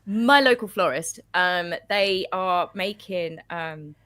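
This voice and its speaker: A woman's voice: lowish voice, slow, fairly bright tone, dry recording. A woman hosting a casual chat over a video call from her home office, talking freely and laughing often. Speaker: show host.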